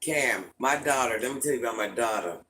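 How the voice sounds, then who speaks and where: A middle-aged man hosting a casual livestream, telling stories and answering his chat in a lively, repetitive way. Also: medium pitch, brisk, a little hiss or hum, poor audio. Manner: repetitive, animated storytelling, often restarts phrases. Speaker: livestream host talking to chat viewers.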